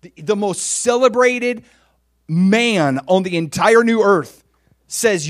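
Preaching with lively, conversational energy, this high-voiced pastor alternates booming exclamations with hushed, almost whispered lines. He acts out quoted speech and keeps a measured pace.

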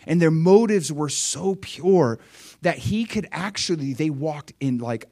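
A man preaching a sermon and recounting a vision, fervent, dropping to quiet asides and rising to loud surges, often restarting his words. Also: fairly high pitch. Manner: restarts and stumbles over words.

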